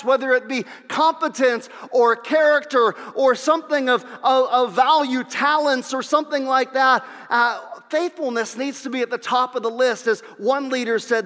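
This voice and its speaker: A man with a high voice preaching a sermon from a church pulpit, telling stories and repeating his key lines for emphasis. His words trail off into a long reverberation around the sanctuary. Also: steady tone, moderate pace, hardly any pauses, fairly bright tone. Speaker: pastor.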